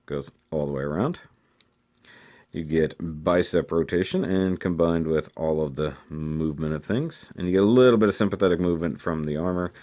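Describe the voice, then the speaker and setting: A man's voice: low-pitched, darkish tone. A man giving a casual model kit review, chatty and thinking aloud as he handles the pieces.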